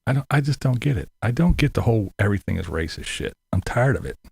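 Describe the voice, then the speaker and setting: A man's voice: on the low side, expressive, fast talker, gravelly, a little mellow, breathy edge, dry recording. Man laughing through casual commentary. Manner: laughs through most sentences, profane, mocking. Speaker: livestream host answering chat.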